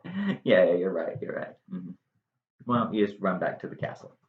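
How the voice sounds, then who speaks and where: A man's voice: sits low, big pitch swings, normal speed, creaky, pitched below the performer's own voice, full character voice. A man voicing a vengeful demigod sorceress, casual and offhand in a dull, echoey recording. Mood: dismissive. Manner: breezy, dismissive, offhand.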